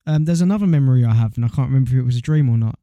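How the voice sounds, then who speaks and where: A man's voice: mid-range voice, rapid-fire, warm tone, no room sound. A young man, a podcast co-host telling stories in casual chat. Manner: slangy, storytelling, laughs easily.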